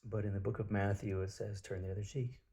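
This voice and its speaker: A man's voice: fairly low pitch, fairly even intonation, fast, dark tone. A man telling a personal story in a casual spiritual monologue, blunt and profane, with lots of filler words.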